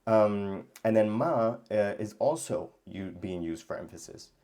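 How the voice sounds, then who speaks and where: A man teaching grammar in a casual lesson, thinking aloud with many pauses and restarts. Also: lowish voice, warm tone. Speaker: language teacher.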